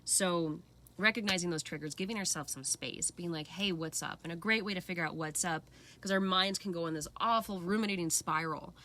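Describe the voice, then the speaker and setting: A woman's voice: on the low side, fairly quick, bright, forceful tone. A woman talking earnestly and expressively in a casual reflective way, acting out her own inner voices. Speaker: speaker sharing personal practice. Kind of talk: casual reflective talk to camera.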